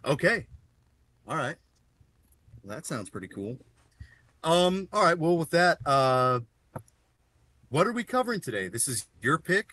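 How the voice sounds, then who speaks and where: Bright-voiced male podcast host. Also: on the high side, big pitch swings, unhurried, pauses often. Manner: easygoing, rambling with many uhs. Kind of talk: casual chat.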